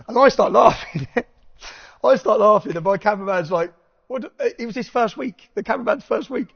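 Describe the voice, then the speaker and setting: A man telling an animated anecdote in casual chat, swearing freely and laughing between lines. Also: sits high, brisk, vocal fry. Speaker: podcast guest. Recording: dull lo-fi recording.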